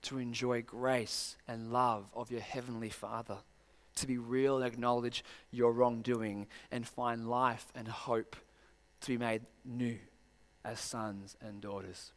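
A man's voice: medium pitch, flat delivery, takes it slowly, big-room sound. A man preaching a sermon, pressing his listeners with pointed rhetorical questions.

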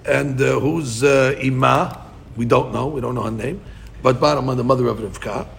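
A man's voice: mid-range voice, moderate pace, creaky, fairly bright tone, a little hiss or hum. A man teaching a Talmud class, thinking aloud and restarting often, with Hebrew and Aramaic terms mixed into his English.

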